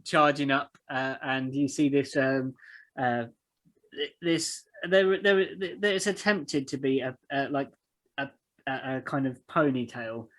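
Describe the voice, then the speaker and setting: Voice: medium pitch, a bit bright, rough recording. A game master narrating a tabletop game among friends in a loose, rambling way. The voice sits mid-range, and the description stops and restarts often around fillers. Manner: rambling, halting description with many fillers and laughs.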